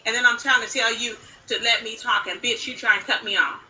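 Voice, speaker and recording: Angry woman streamer scolding hard, cursing every line; bright, distant recording with faint noise. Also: on the high side, fairly even intonation, fairly quick. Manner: heavy cursing, confrontational, scolding. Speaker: livestreamer. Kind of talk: angry livestream rant. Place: played back from another live stream. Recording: bright clip with background noise, far from mic.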